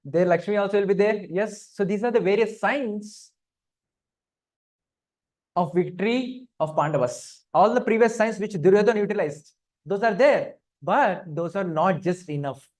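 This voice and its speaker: A man's voice: high-pitched, normal speed, a little mellow. A man leads a scripture study class. He keeps it interactive, asking the room questions and humming between his points. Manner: interactive, asks the audience questions, frequent hums. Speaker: spiritual teacher.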